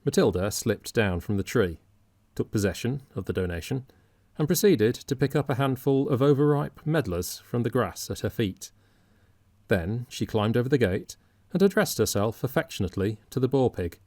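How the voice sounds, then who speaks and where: A man narrating an audiobook in a measured, wry storytelling manner. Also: lowish voice, animated, a little mellow, no echo.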